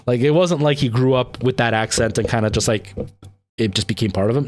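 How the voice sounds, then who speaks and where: A man's voice: lowish voice, lively intonation, brisk, no room sound. A man in his thirties with a Canadian accent, chatting casually and rambling to his livestream viewers, with lots of ums and restarts. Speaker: streamer.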